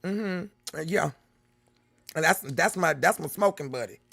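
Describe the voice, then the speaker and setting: A woman's voice: low voice, expressive, measured pace, creaky, a bit bright, no echo. A middle-aged woman hosting a live reaction stream, chatting casually with viewers and reading the chat aloud, laughing often. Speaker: livestream reaction host.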